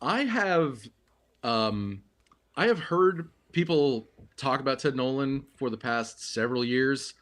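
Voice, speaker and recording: A man's voice: mid-range voice, animated, takes it slowly, a bit bright. A man hosting a casual sports podcast livestream, thinking aloud with lots of ums and restarts. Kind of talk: casual hockey podcast chat.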